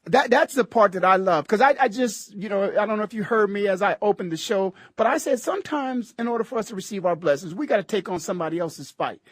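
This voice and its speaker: Emphatic high-voiced talk radio host. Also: male voice, lively intonation, quick pace, hardly any pauses, no echo. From United States. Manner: preachy, emphatic, repetitive.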